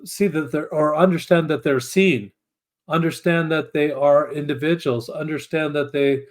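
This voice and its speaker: Man, slightly raised pitch, earnest guest, thoughtful, halting restarts. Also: steady tone. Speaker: interview guest. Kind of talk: reflective conversation.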